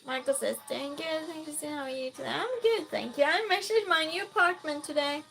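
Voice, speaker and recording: A woman's voice: high-pitched, a little fast, vocal fry, soft background music. A woman with a Swedish accent, casually chatting with her stream and reading viewer comments aloud. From Sweden. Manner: relaxed, reads chat aloud, soft giggles.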